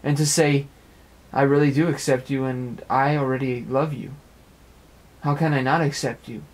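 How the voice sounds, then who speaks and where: Young man, earnest personal monologue, rambling and repetitive, flat monotone pitch, mid-range voice. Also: normal speed. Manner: earnest, rambling, repeats phrases. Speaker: amateur web radio speaker. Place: apartment.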